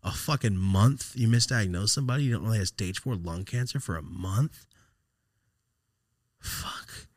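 A man's voice: on the low side, normal speed, long pauses, no echo, clean studio sound. A man, casually telling a story on his podcast, swearing and laughing as he talks. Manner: profane, animated, laughs while telling. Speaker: podcast host.

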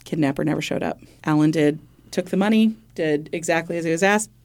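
Woman, low-pitched, casual true-crime storyteller, chatty podcast co-host, swears casually. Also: brisk, darkish tone. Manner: conversational, laughs often, swears casually. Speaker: podcast co-host telling a case.

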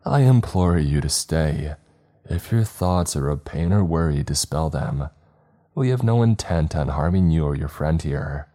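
A man voicing a solemn, fervent male cult priest who speaks in slow, reverent pronouncements. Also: very deep voice, expressive, dark tone, heavily acted.

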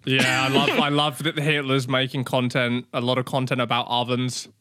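A man's voice: medium pitch, little pitch movement, normal speed, sharp tone, no room sound, studio quality. A man in comedic podcast banter, playing mock-sincere about his own change of heart. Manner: playful mock-sincere confession tone. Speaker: podcast co-host.

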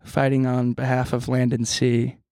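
A man's voice: mid-range voice, monotone, moderate pace, darkish tone, clear, resonant tone, no echo. Guy cohosting a podcast, jokey and goofy, super dry sound. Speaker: podcast co-host. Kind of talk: casual chat.

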